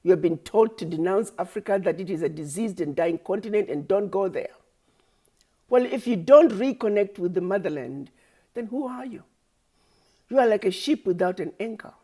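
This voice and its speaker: Impassioned woman with a mellow voice. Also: medium pitch, expressive, moderate pace. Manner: preachy, accusatory, rhetorical, repetitive. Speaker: activist speaker. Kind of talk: impassioned direct-to-camera address.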